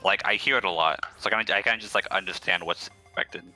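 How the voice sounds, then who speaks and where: A man's voice: low voice, fast, sharp tone, soft background music. A man guest streamer chatting casually, restarting sentences and repeating words as he rambles.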